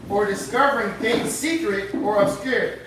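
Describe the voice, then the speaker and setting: A man's voice: sits high, normal speed. Male study member reading aloud, hesitant, far off in a roomy space with faint noise. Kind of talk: reading dictionary entries aloud. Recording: echoey room, far from mic, faint noise.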